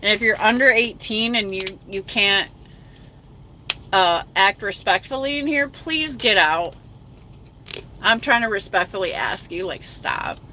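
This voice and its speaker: A woman's voice: medium pitch, lively intonation, unhurried, long pauses, sharp tone, slight background noise, rough recording. A middle-aged woman chatting emphatically on a livestream, reading viewer comments aloud, emotional after crying. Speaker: trucking livestreamer reading chat. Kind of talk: casual livestream chat.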